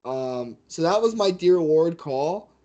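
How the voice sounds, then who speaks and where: A man who works as a fight commentator, telling stories as a guest in a casual interview with a mid-pitched voice. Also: slow. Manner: animated storyteller.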